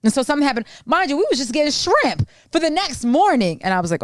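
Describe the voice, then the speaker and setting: A woman's voice: high voice, sing-song, quick pace, no room sound, studio quality. A woman co-hosting a podcast in casual chat, talking candidly with a lot of restarts and trailing asides. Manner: candid, rambling, with many restarts. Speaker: podcast co-host.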